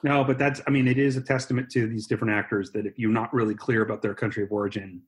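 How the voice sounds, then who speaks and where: This American podcast co-host chats fast in a low voice with little pitch movement. He rambles and jokes, frequently cutting himself off to start over.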